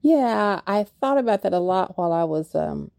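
A woman's voice: fairly low pitch, lively intonation, normal speed, vocal fry, dry recording, studio quality. An older woman, an author talking reflectively in a radio interview. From Kentucky. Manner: reflective, soft-spoken, with fillers. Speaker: author guest.

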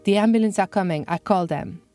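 A man's voice: high voice, quick pace, mellow, faint music behind, natural voice. Woman doing a polite Frenchman with a French accent. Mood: courteous. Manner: formal, courteous phrasing. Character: polite, earnest French man, a good Samaritan.

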